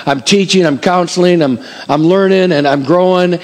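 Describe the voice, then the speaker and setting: An older male pastor preaching a sermon in an animated, conversational way, repeating phrases for emphasis. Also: high-pitched, moderate pace.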